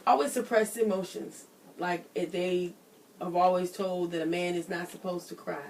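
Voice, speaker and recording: A woman's voice: fairly low pitch, steady tone, moderate pace, vocal fry, darkish tone, recorded from a distance, a little hiss or hum, poor audio. A woman, a guest on a radio talk show, chatting and laughing along. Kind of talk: casual chat.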